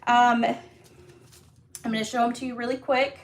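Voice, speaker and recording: A woman's voice: a little high, little pitch movement, measured pace. A woman hosting a live craft class from her home craft room, chatty and upbeat, with lots of fillers and small laughs. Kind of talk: casual live-stream craft tutorial.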